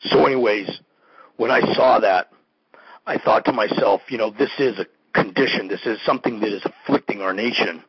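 A man's voice: lowish voice, normal speed, breathy edge. A man hosting a comedy show, swinging from bombastic proclamations to mumbled asides. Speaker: host. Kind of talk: mock-grandiose comedic monologue. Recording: dull lo-fi recording.

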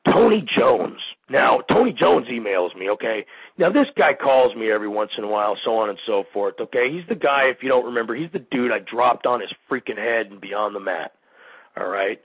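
A man hosting a show, a pro wrestler ranting in a heated, animated monologue full of "you know" and "man.". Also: medium pitch, moderate pace, slightly rough, no echo, muffled recording. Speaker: podcast host, pro wrestler.

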